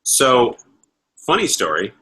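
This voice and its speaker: A man hosts a casual livestream chat, spinning a loose, rambling anecdote. His voice is bright and forceful at an ordinary pitch, and he laughs and swears freely as he goes. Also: huge pitch swings, slow pace, rough recording. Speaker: livestream host.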